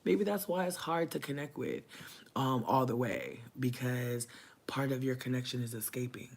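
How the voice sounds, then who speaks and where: A man giving a casual livestream tarot reading, talking in loose slang, breaking into loud laughter and dropping to soft asides. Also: mid-range voice, normal speed, vocal fry. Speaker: tarot reader.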